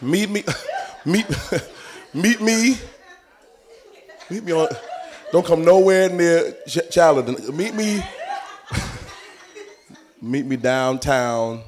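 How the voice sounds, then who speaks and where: A man voicing an eager, pushy male ex-drug dealer, talking loudly and urgently while half-laughing. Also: fairly high pitch, expressive, very slow, pauses often.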